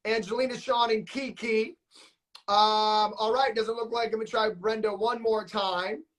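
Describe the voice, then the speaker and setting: A man hosts a live coaching stream and keeps the energy high. He hypes up his guests, drops slang and leans on casual fillers as he talks. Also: steady tone, normal speed, fairly bright tone. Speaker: notary business coach and live-stream host.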